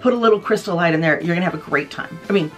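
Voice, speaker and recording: A woman's voice: on the low side, racing. Bubbly woman vlog host, chatty show-and-tell at home, faint music under her voice. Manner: bubbly, gushing, talks straight to viewers.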